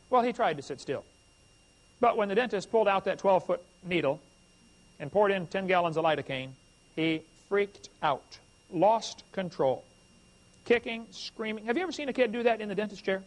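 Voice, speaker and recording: High-pitched guy preaching, folksy stories, jokey and animated, talks right to the folks. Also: normal speed. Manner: animated, humorous, addresses the crowd directly. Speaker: evangelist preacher. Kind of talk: folksy storytelling sermon.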